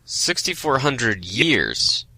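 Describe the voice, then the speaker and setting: Deadpan host dude in a comedy sketch, bright voice, lively pitch, dry sound. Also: male voice, extremely slow, slightly rough. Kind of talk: comedy sketch talk show.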